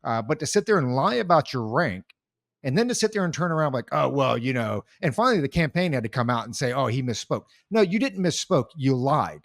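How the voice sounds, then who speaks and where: A man's voice: fairly high pitch, very animated, fast talker, no echo, studio quality. A man co-hosting a casual podcast talk, a veteran who speaks in heated, rambling bursts with many restarts. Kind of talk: casual chat.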